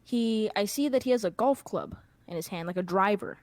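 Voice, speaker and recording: A young woman spins a loose, rambling story on her podcast. Her voice sits at an ordinary middle pitch. The sound is dry and close, with no room echo. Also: brisk. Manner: rambling, animated anecdotes with many fillers. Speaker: podcast host. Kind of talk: casual storytelling chat.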